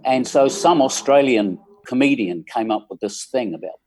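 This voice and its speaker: A man's voice: medium pitch, animated, darkish tone. A man of about sixty with an English accent, telling wry stories as a guest in a casual interview. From England. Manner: unhurried, wry anecdotes with many ums. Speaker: musician guest.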